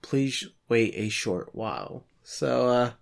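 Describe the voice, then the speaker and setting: A man's voice: mid-range voice, sing-song, takes it slowly, creaky. A man co-hosting a podcast, recapping episode plots in a casual, sardonic way with jokey asides. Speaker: podcast co-host recapping an anime. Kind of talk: casual chat.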